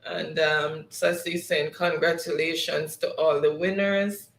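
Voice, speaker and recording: Jamaican male host, higher voice, laughing comment reader, roomy sound. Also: little pitch movement, a little slow, creaky, fairly bright tone. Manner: laughs often, reads comments aloud in patois. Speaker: show host. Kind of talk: casual live-stream chat, reading viewer comments.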